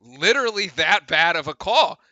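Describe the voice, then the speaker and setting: A man's voice: sits high, lively intonation, moderate pace, pushed and bright, dry recording, highs cut off. A young man streaming live fan commentary on a game, incredulous and exasperated, often restarting his sentences. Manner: exasperated, incredulous, laughing at calls, rambling restarts. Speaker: streamer doing live play-by-play.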